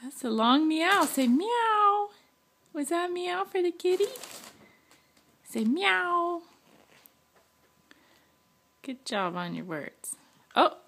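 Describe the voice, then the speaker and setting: A woman's voice: high-pitched, sing-song, normal speed, background noise. A young woman at home coaxing and praising her baby in sing-song baby talk. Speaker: mother. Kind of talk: home video, talking to a baby.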